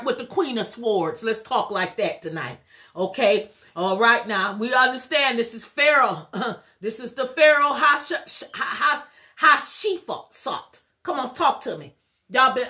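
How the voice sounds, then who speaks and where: A woman's voice: on the high side, sharp tone. A woman giving a live spiritual tarot reading, talking in a rhythmic preaching cadence and turning casual and chatty in between. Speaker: spiritual reader.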